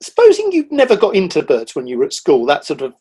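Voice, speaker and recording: A middle-aged man talks in an easy, conversational way, his voice slightly husky and pitched a little high for a man. He tells enthusiastic, animated stories and slips into lively quoted asides as he speaks. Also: fast talker. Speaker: guest, nature writer. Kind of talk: casual conversational interview.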